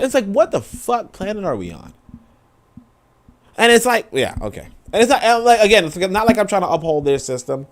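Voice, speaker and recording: A man's voice: sits high, big pitch swings, fairly quick. A man hosting a podcast, ranting in casual, profane commentary with lots of fillers as he reacts to posts. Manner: profane, rambling rant with many fillers. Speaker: podcast host.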